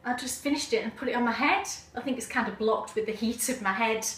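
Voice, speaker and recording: A woman's voice: fairly high pitch, fairly bright tone, a little hiss or hum. A woman co-hosting a knitting podcast, chatty and explanatory, talking casually at home. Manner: chatty and explanatory, quick laughs. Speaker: podcast co-host. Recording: roomy audio with the mic some distance away.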